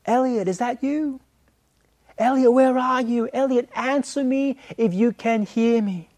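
Man doing an anxious mother calling out, high-pitched and dry. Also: measured pace, darkish tone, dry recording. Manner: anxious calling out, then reassuring. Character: worried mother calling for her lost son.

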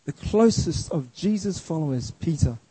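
A man's voice: a little high, animated, normal speed, warm tone, breathy edge, no echo, poor audio. A man preaching a sermon in an earnest, emphatic way, often restarting his words.

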